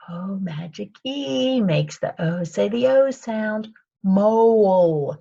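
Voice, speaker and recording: A woman's voice: mid-range voice, vocal fry, a little mellow, slightly rough, lo-fi sound. A woman teaching kindergarten children in a recorded video lesson, talking patiently in a sing-song teacher voice and calling herself by her surname.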